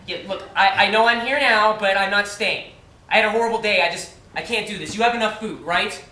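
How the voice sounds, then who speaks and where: A man's voice: high-pitched, a little fast, sharp tone. An actor in his thirties playing a frustrated, hurt gay man on stage, speaking with tense agitation. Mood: impatient. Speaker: visitor. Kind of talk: stage play acting. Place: theater stage. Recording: echoey stage, from far off, faint ambience.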